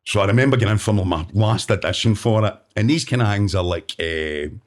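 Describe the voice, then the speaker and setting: A Glaswegian man with a very deep voice tells relaxed anecdotes as a podcast guest. He acts out his own reactions along the way. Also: fairly quick. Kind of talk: anecdotal storytelling.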